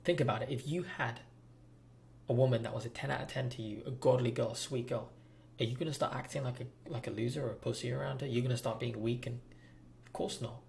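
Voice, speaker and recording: A man talks straight to his viewers with blunt, preachy advice about relationships. His voice is gravelly, at an ordinary pitch for a man. A faint hum sits under the recording. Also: steady tone, fast talker, a little mellow. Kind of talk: direct-to-camera advice monologue.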